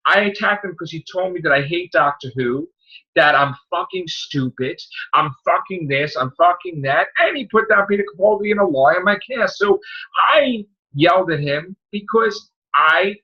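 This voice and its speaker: Ranting man with swooping pitch. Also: animated, moderate pace, pushed and bright, lo-fi sound. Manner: exasperated, ranting, swinging pitch. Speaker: podcast host. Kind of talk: heated casual chat.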